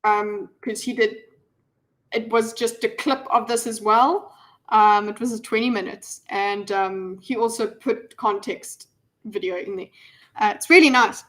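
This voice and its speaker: In a mid-range, fairly bright voice with fairly even intonation, a woman addresses viewers on a live stream at a measured pace. It's loose, casual commentary peppered with ums and restarts, and faint music sits in the background.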